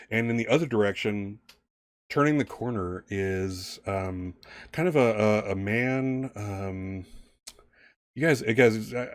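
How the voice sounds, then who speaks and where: A man narrating a tabletop game as game master, in a rambling, halting way with many restarts. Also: fairly low pitch, no room sound, clean studio sound.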